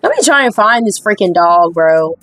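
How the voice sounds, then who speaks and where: A woman's voice: lowish voice, animated, moderate pace, fairly bright tone, no room sound, faint music behind. A young woman streaming a dating game, reading its dialogue aloud and reacting with sarcastic, exasperated commentary and the occasional curse. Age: young adult. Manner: sarcastic, exasperated, swears freely. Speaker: gaming streamer.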